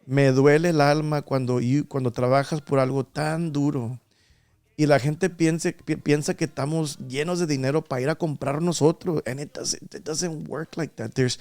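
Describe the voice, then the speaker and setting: A man's voice: mid-range voice, darkish tone, no echo. A man as a podcast guest, talking earnestly and repeating himself as he recalls an upsetting event. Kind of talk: emotional podcast interview.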